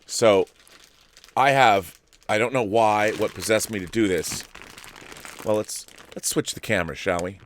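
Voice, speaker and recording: Playful low-voiced man hosting a stream. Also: measured pace, pauses often, slight background noise. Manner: playful, grandiose self-introductions, rambling asides. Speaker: show host. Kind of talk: casual solo livestream chat.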